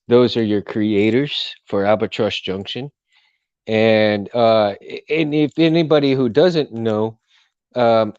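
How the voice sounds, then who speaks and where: A man hosting his own live stream, chatting casually with lots of fillers and restarts in a fairly monotone voice. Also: fairly low pitch, no room sound, highs cut off. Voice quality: self-described monotone. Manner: rambling, full of fillers and restarts.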